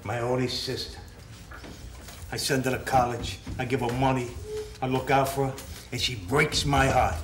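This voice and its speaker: A man's voice: medium pitch, fairly even intonation, moderate pace, long pauses, background noise, close to an everyday voice. A man acting as a brash young loan shark who trades insults and gives orders. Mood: blustering. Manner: blustering, insulting, then soothing. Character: young male loan shark, brash, bossy, quick-tempered. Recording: echoey room.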